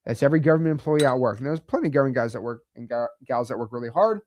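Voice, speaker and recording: A man's voice: medium pitch, racing, a little mellow, a little hiss or hum. A man from the United States coaching real estate wholesaling in a blunt, emphatic, chatty way with slangy asides. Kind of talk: casual teaching to camera.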